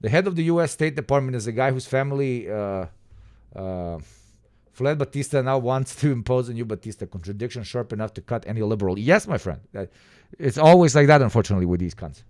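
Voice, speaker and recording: A man's voice: medium pitch, animated, fast talker, a little mellow, dry recording. Profane ranting male streamer, dry sound. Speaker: streamer reacting to clips. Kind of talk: casual livestream commentary.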